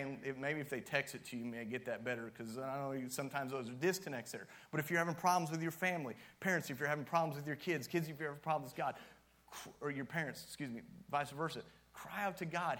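A man's voice: mid-range voice, a bit bright. A man preaching a sermon as youth pastor, casual and joking at times, with strong emphatic rises.

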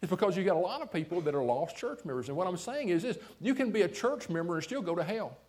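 A man's voice: high-pitched, fast. A man preaching a sermon as a pastor, talking straight to the congregation and checking in often with "see?" and "okay?". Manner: lively preaching with frequent "see?" and "okay?" asides.

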